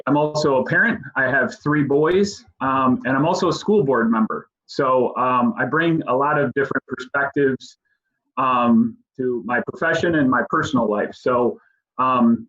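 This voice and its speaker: Fast-talking man on a video call. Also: mid-range voice, fairly bright tone. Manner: fast, with many fillers and restarts. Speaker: state legislative policy advisor. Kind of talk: virtual town hall briefing. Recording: dull lo-fi video call audio.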